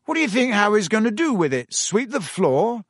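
A man performs a blustering, excitable teen boy in an exaggerated voice pitched above his own. It's high-pitched, slightly rough, and moderately paced, with an excited mood, recorded at studio quality with no room sound.

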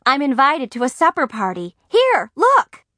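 A woman's voice: a little high, big pitch swings, normal speed, no echo, clean studio sound. A woman reading a young girl of about twelve who is eager and curious, full of breathless questions and exclamations. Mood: excited.

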